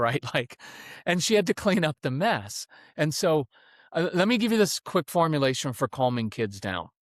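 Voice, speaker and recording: A man's voice: a little high, normal speed, no room sound, studio quality. A middle-aged man speaking as a parenting coach guest in a podcast interview, telling stories and acting out quoted voices, then explaining his advice matter-of-factly. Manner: animated storyteller who acts out quoted voices; matter-of-fact coaching delivery.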